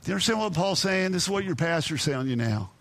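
A man preaching a sermon as pastor, emphatic, with sudden loud peaks and quieter, earnest stretches. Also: high voice, lively intonation, quick pace. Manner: emphatic preaching, rising to near shouts then dropping to quiet earnest talk.

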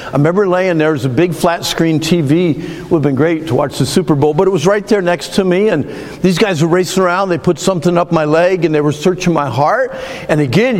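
Gravelly middle-aged preacher in a hall. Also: male voice, fairly high pitch, a little mellow. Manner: earnest, emotional, halting storytelling. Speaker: pastor. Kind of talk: sermon with personal testimony. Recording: long reverb of a large hall.

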